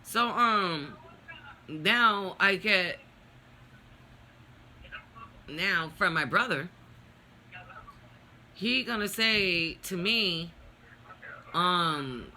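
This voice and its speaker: Bright-voiced woman venting bluntly. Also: on the low side, animated, very slow, long pauses, a little hiss or hum. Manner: blunt, profane, heated venting. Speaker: vlogger. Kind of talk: personal storytime rant.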